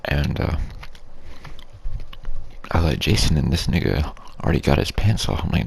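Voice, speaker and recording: A man's voice: very animated, moderate pace, a little hiss or hum. A young man telling a crude, rambling ASMR story in slangy street talk, half whispered. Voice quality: low gravelly breathy voice. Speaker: YouTube storyteller.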